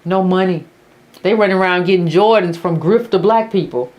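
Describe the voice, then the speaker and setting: A woman's voice: fairly low pitch, normal speed, a little mellow, highs cut off. A woman hosting a political commentary monologue who speaks bluntly and sarcastically. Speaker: host of a political commentary channel.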